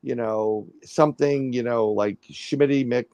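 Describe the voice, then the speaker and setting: Gravelly man telling a rambling story. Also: mid-range voice, measured pace, dry recording. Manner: rambling, animated storytelling with restarts and acted-out quotes. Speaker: guest, paranormal researcher. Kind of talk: casual storytelling on a livestream.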